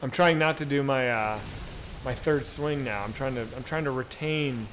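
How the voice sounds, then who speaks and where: The audio carries a faint hiss or hum as a man with a medium-pitched voice talks at normal speed during his game stream. His commentary is casual and animated, laced with swearing, and he replies to viewers as he goes.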